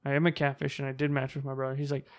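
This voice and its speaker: A man's voice: mid-range voice, very fast. A man telling a funny story in casual chat, acting out the people he quotes in a raised voice. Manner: animated, acts out quotes in raised voice.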